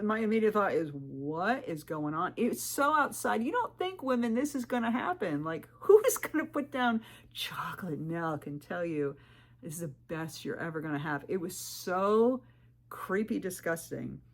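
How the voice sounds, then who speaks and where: A middle-aged woman vlogging about hiking, telling a story in an indignant, animated way and mimicking other people's lines. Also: medium pitch, normal speed. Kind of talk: casual storytelling monologue.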